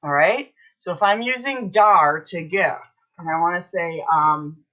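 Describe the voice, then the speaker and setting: A woman's voice: lowish voice, measured pace, fairly bright tone, highs cut off. A woman teaching a Spanish class online, explaining grammar step by step and checking in with her students. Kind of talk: recorded online class lesson.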